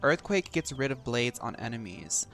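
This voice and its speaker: A man's voice: mid-range voice, sing-song, moderate pace, a bit bright, soft background music. A young man streaming a video game, reacting with sassy, campy banter and playful teasing. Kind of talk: live game stream commentary.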